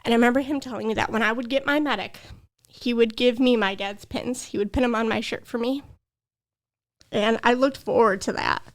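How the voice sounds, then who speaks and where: A woman's voice: a little high, fairly even intonation, fairly quick. A young adult woman, a podcast guest, earnestly telling a personal story with emotion. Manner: earnest, emotional, tearful at times.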